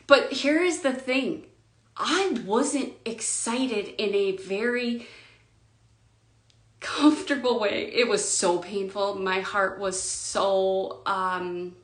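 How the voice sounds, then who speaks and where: Slow, echoey woman spiritual coach. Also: mid-range voice. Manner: slow and emphatic, dropping often to a hushed whisper.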